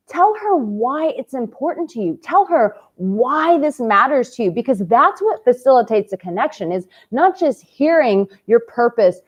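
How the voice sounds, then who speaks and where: Woman, dating coach, advice vlog to camera, passionate and cheeky, casual swearing, somewhat muffled recording. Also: on the high side.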